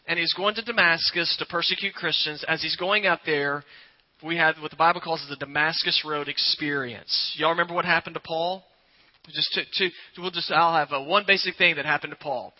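Pastor, male, chatty preaching style, slightly high voice, dull lo-fi church recording. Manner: conversational preaching, asks the congregation questions. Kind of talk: sermon. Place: church before a congregation.

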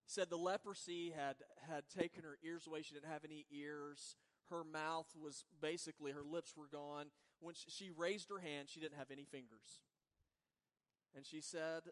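A man preaching a sermon with a slightly raised voice, swinging from quiet, lingering words to firm emphasis. His voice carries a long reverb, like a big church sanctuary. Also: a little high, steady tone, moderate pace. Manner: earnest preaching, swings between soft and emphatic. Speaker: pastor. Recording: long reverb of a large hall.

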